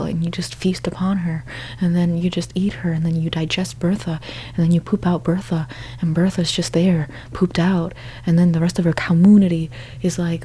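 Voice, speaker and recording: A woman's voice: lowish voice, level tone, moderate pace, mellow, husky. A young woman in whispered role-play, rambling through an absurd monologue in a mostly whispered voice, stumbling and restarting often. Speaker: ASMR creator.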